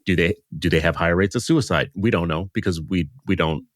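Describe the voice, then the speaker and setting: Deep-voiced man hosting an interview. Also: a little fast, no echo, studio quality. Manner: thoughtful, rambling, self-deprecating. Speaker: podcast host. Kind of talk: conversational interview.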